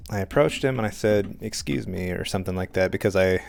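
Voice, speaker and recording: A man's voice: deep voice, fairly quick, creaky, faint music behind. A man telling a rambling story on a live stream while he paints, hesitant and self-conscious, with a dry throat.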